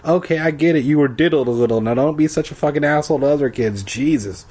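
A man's voice: a little high, fast talker, a little mellow, husky. A man reading a story aloud and breaking off for sarcastic, profane jokes. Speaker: reader. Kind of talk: comedic book reading with crude asides.

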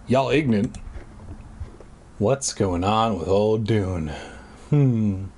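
A man's voice: medium pitch, darkish tone. A man reading a children's horror book aloud, breaking off for profane, sarcastic asides. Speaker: reader. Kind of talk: casual read-aloud with comic asides.

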